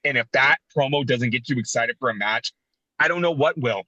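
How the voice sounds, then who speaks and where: An animated man in his thirties tells sentimental stories on a casual podcast. His voice is bright and forceful, and it comes through dry and a little dull. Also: mid-range voice, brisk, no echo. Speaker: podcast co-host. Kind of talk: casual wrestling podcast chat.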